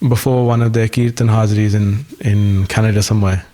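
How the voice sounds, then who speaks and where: Fairly low in pitch and mellow, the musician's voice carries fairly even intonation at a fairly quick clip. He's a guest in a conversational interview, thinking aloud with hesitant restarts. His voice hasn't fully recovered from an illness.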